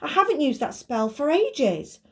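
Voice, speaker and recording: A woman voicing a fussy, defensive magic lamp in a children's story, in a huffy high voice. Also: big pitch swings, unhurried, a bit bright, exaggerated voice. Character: fussy, touchy magic lamp, prone to excuses.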